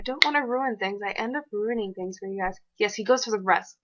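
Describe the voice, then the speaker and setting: A woman giving casual, fast and excitable commentary over her own gameplay. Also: medium pitch, lo-fi sound.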